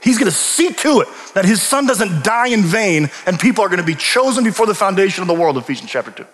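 A man preaching a sermon, animated and emphatic, often restarting his sentences. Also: high voice, fast. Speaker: pastor and teacher. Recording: long reverb of a large hall.

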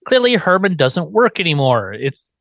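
A man's voice: on the high side, normal speed, vocal fry, dry recording. A man hosting a podcast, recapping a TV episode in casual chat with wry asides. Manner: animated, wry asides, laughs often. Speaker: podcast host.

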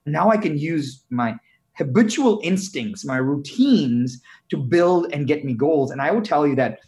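A man from India, a guest in an interview, telling his story earnestly with frequent halting restarts. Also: mid-range voice, a little mellow.

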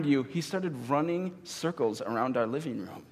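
A man in his thirties, a pastor giving a sermon in an earnest, halting way with many pauses. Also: medium pitch, lively intonation, big-room sound.

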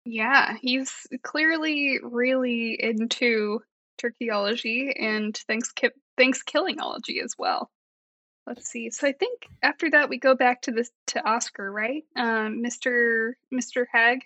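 A woman's voice: fairly high pitch, measured pace, bright, forceful tone, dry recording. A woman casually discussing a movie, amused, with wry asides and frequent laughter. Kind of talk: casual movie recap chat.

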